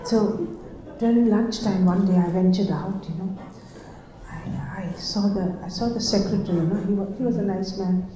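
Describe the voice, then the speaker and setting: An older woman reminiscing about her past in a halting, casual way, repeating words and laughing often. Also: medium pitch, warm tone, lo-fi sound. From India. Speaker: storyteller recalling her past. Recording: very echoey room.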